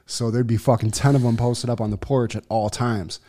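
A man's voice: mid-range voice, steady tone, fairly quick, mellow. A man co-hosting a casual podcast, telling a story in a laid-back way and swearing often. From Buffalo, New York. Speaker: podcast co-host.

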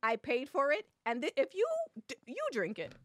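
A woman's voice: high-pitched, moderate pace, no room sound, studio quality. A woman co-hosting a podcast, telling a story in casual chat and acting out what people said, often tagging on "okay?". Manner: animated storytelling, acts out quotes, repeats "okay?". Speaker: podcast co-host.

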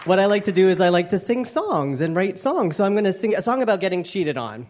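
A young man doing a stand-up comedy set, animated and campy, with playful asides to the crowd. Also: high voice, quick pace, heavy background noise. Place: live comedy club stage. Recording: live club recording with crowd. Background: audience laughter.

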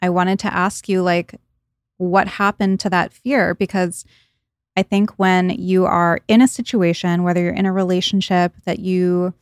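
A woman hosting a podcast, asking thoughtful questions and giving soft affirmations. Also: lowish voice, flat delivery, unhurried, dry recording, studio quality. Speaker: podcast host. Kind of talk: interview conversation.

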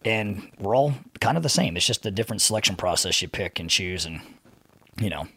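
A man's voice: deep voice, animated, fairly quick, creaky, a bit bright, slightly rough, no room sound. A man in his thirties, a podcast guest telling casual, profane anecdotes and laughing between them. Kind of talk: casual storytelling in conversation.

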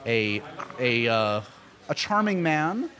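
A man hosts a casual interview, chatty and teasing and quick to laugh. His voice sits at an ordinary middle pitch. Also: sing-song, sharp tone, clean tone.

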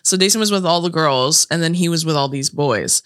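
A young woman telling a story in casual chat, animated, swearing freely and laughing often. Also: low voice, a little fast, clean tone.

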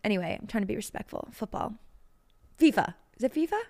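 A woman's voice: medium pitch, lively intonation, fast, creaky, warm tone. A young woman co-hosting a podcast, chatting casually, giggling often and rambling through her stories. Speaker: podcast co-host. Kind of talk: casual chat.

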